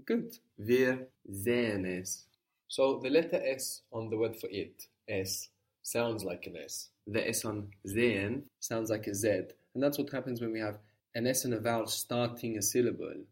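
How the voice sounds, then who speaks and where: A man's voice: fairly low pitch, moderate pace, darkish tone, recorded from a distance. A man teaching an audio language lesson, patiently prompting a student and repeating the answers.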